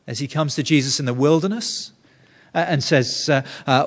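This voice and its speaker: A man's voice: medium pitch, normal speed. A man preaching a sermon, explaining scripture earnestly and often restarting his sentences. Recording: reverberant hall.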